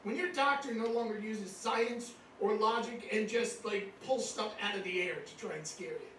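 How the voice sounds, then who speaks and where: A man in his fifties performs stand-up in a lounge on a cruise ship, chatting and poking fun at the crowd. His voice sits very high, and it echoes heavily around the room, picked up from some distance with a steady hum of background noise behind it. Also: normal speed. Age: 50s. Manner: conversational, teasing the crowd. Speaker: stand-up comedian. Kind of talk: stand-up comedy set. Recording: echoey room mic, caught from far off. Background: audience laughter.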